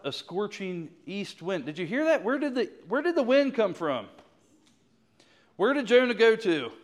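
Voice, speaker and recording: A male pastor preaching a sermon, reading scripture slowly and laughing often as he talks. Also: mid-range voice, clean tone.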